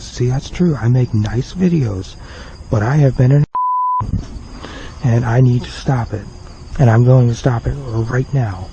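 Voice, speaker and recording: A man's voice: mid-range voice, mellow, a little hiss or hum. A young man rambling through an unscripted apology vlog to his viewers, repeating himself and sounding remorseful. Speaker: video creator apologizing to viewers. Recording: dull lo-fi home video with faint crickets.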